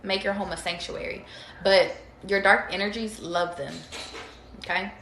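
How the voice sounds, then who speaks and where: At normal speed and with fairly even intonation, a medium-pitched, slightly bright woman reads tarot for her viewers, speaking straight to them. The recording has roomy echo and slight background noise, and her talk is chatty, slangy and openly profane.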